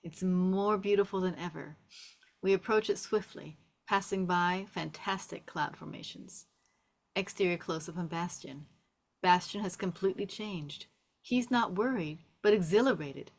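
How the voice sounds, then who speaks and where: A woman reading the stage directions in a table read, with steady, descriptive narration. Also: on the low side, measured pace.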